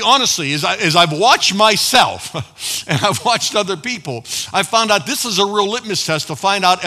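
A man preaching a sermon to a live congregation, with call-and-response asides, swinging between loud emphatic lines and quiet low asides. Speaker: pastor. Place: church hall before a live congregation.

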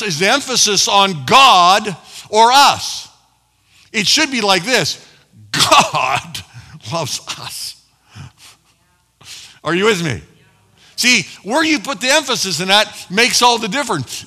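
A man preaching a sermon to a live congregation, with call-and-response asides, swinging between loud emphatic lines and quiet low asides. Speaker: pastor. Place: church hall before a live congregation.

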